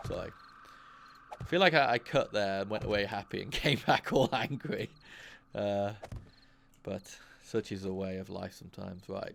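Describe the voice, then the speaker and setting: A man's voice: fairly low pitch, moderate pace, vocal fry, long pauses, fairly bright tone. A man hosting his own gaming channel, talking through his play casually, thinking aloud and swearing when frustrated. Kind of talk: casual let's-play commentary.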